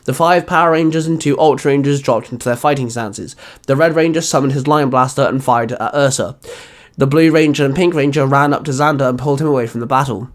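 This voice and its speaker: A man's voice: mid-range voice, fast. Man reading his own fanfic aloud. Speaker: fanfiction reader and narrator. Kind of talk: amateur storybook narration.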